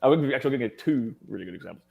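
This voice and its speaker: Animated Australian man telling stories. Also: medium pitch, racing, creaky. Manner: animated, laughs often while telling stories. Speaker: guest. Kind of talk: casual storytelling in conversation.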